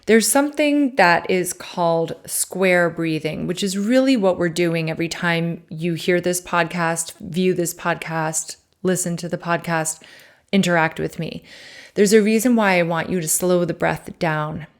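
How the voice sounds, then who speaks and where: A woman podcast host and life coach leading a guided breathing meditation, calm and counting breaths aloud. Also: lowish voice, a little slow.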